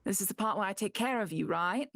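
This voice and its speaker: A woman voicing a tender, wry woman pirate captain who soothes and coaxes in a soft voice. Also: mid-range voice, lively intonation, quick pace, vocal fry, no room sound, studio quality. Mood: soothing. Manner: soft, coaxing and teasing.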